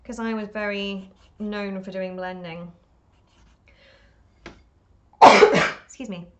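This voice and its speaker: A woman talking her way through a painting on a live stream. She rambles and talks to herself as she works, pokes fun at herself and laughs often. Her pitch sits in the ordinary middle range. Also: fairly even intonation, slow, slight background noise. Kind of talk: chatty live-stream commentary while painting.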